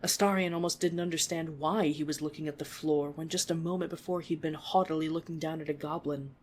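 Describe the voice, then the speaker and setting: A reader narrating fan fiction aloud at a mid pitch. The delivery is steady and expressive, shifting into the characters as they speak. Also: brisk.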